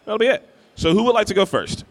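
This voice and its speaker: A man's voice: sits high, animated, fast talker. A man co-hosting a live game on a convention stage, easygoing and joking, calling out to people in the room. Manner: easygoing, joking, calls out to the crowd. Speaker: guest co-host.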